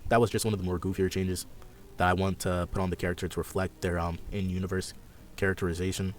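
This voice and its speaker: A man's voice: low-pitched, level tone, quick pace, faint music behind. A young man hosting a casual gaming chat, rambling and a bit sarcastic as he walks through his ideas. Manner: laid-back, rambling, sarcastic. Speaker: podcast host.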